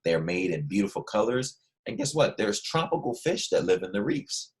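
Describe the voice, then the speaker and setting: A man teaching a lesson to first graders, speaking slowly and clearly, repeating key words and prompting the class to say them back. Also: fairly low pitch, very animated. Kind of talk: classroom lesson for young children.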